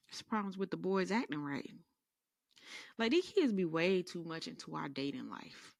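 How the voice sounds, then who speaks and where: A woman's voice: on the low side, normal speed, vocal fry, no echo, clean studio sound. A woman podcast host telling sassy, rambling comedic stories in a casual monologue. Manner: animated, rambling, sassy storytelling.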